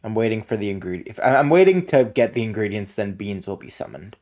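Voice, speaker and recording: A tabletop game player who laughs a lot and sounds excited. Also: mid-range voice, quick pace. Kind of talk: playing a tabletop game, casual.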